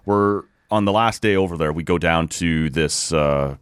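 A man's voice: low-pitched, moderate pace, clear, resonant tone, no room sound, clean studio sound. A Canadian man in his thirties hosting a casual podcast, telling stories in a chatty way. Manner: chatty storyteller, animated when quoting others. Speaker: podcast host.

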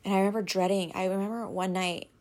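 A woman as an interview guest, telling a personal story in a halting, candid way, with many fillers and restarts. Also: medium pitch, fairly even intonation, a little mellow. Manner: candid and emotional.

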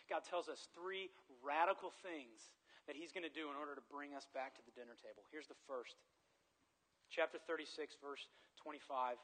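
A man preaching a sermon, telling a personal story with big swings between excited loudness and quiet earnestness. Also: on the high side, rough recording. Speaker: pastor.

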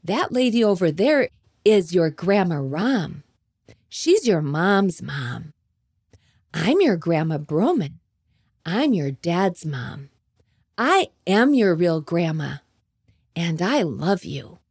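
Soft, slow, loving grandma, voiced by a woman telling a story. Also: medium pitch, big pitch swings. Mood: tender. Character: gentle elderly grandmother, patient and loving.

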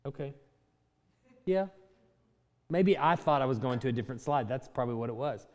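A man teaching a Bible class from slides, talking in a conversational way and thinking aloud with fillers and quick self-corrections. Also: mid-range voice, expressive, long reverb tail.

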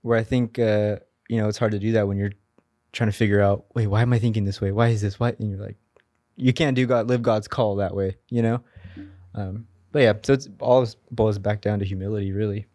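Thoughtful hesitant man on a podcast, lowish pitch, dry mic. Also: steady tone, a little fast, dark tone, dry recording. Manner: thoughtful, hesitant, searching for words. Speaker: podcast co-host. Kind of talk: faith podcast discussion.

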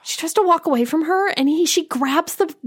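A woman's voice: very high voice, fairly quick. A young woman co-hosting a casual chat, telling a story and quoting the characters. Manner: chatty, quotes characters with voices. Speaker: podcast co-host.

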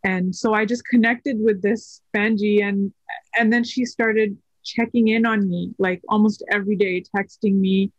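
A woman in her thirties, a podcast guest, telling a personal story in casual conversation, soft-spoken and hesitant with many fillers. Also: medium pitch, fairly even intonation, normal speed, no room sound, dull audio.

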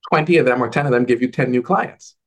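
As a guest on a video call, a male advisor chats casually and tells animated stories. He acts out the dialogue in a lifted voice, talking fast at a medium pitch.

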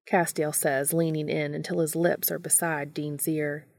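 A woman reading fan fiction aloud in a calm, even storytelling manner. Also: low-pitched, moderate pace, hardly any pauses, no echo, studio quality. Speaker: podcast reader.

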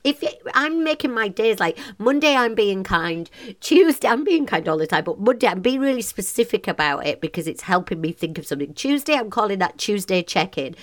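A woman's voice: medium pitch, very animated, a little fast. A woman in her forties hosts a cheerful motivational podcast. She talks with bubbly passion and breaks into laughter often. She sounds chatty and upbeat. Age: 40s. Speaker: podcast host.

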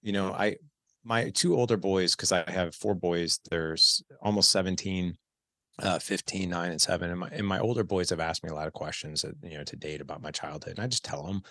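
A man's voice: sits low, steady tone, a little fast, sharp tone, no room sound, studio quality. A man in his thirties, a podcast guest, telling a candid personal story and acting out the dialogue. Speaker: podcast guest, parenting coach. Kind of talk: casual storytelling interview.

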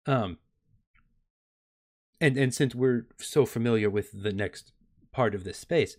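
A man's voice: mid-range voice, slow, darkish tone. A man voicing a scheming female mercenary leader who talks in a falsely polite, persuasive way.

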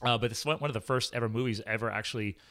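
A man in his thirties hosts a relaxed conversation, talking fast and tumbling over his own restarts. His voice is bright and forward, and he laughs easily between stories. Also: mid-range voice. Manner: rambling, self-interrupting, quick to laugh. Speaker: podcast host, former hotshot firefighter. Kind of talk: casual chat.

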